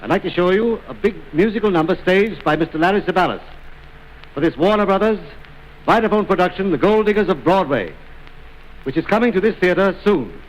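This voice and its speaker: A man's voice: high-pitched, lively intonation, fairly quick, muffled recording. A man presenting a film trailer in a formal, courteous, theatrical 1920s manner.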